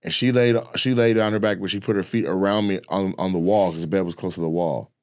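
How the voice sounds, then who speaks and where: A man co-hosting a comedy podcast, telling a story in a crude, animated way with frequent laughter. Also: low voice, quick pace. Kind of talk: casual chat, storytelling.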